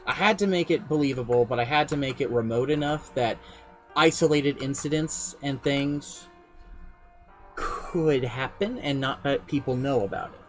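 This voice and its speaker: A man's voice: mid-range voice, normal speed, soft background music. A man streaming, casually recounting his tabletop campaign as game master in a rambling, self-deprecating way.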